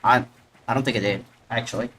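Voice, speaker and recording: Excitable man streaming a game. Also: mid-range voice, fast talker, slight background noise. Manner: excitable, talks to the monster. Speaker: gaming streamer. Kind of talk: live gameplay commentary.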